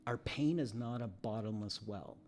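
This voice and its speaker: A middle-aged emotional recovery coach speaks candidly in a casual interview, acting out snippets of dialogue as he tells stories. His voice is lowish and darkish at a normal speed, with slight background noise.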